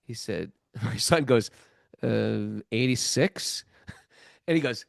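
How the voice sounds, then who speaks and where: A middle-aged man hosting a spiritual podcast, telling a story in a lively casual way, acting out the other people's lines and laughing often. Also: medium pitch, slow pace, gravelly, long pauses, no echo, clean studio sound. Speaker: podcast host.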